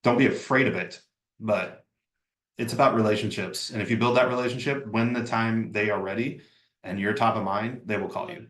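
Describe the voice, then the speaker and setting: A man's voice: lowish voice, steady tone, moderate pace, fairly bright tone, roomy sound. A man leading a real estate training session over a video call, talking casually and acting out sample phone messages. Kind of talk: live online training session.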